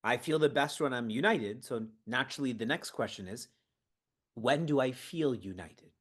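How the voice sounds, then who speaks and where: A man's voice: medium pitch, animated, normal speed, fairly bright tone. A man running an online training session from his prayer room, asking the audience questions and laughing between points. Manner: engaging, asks the audience questions. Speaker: seva training guide.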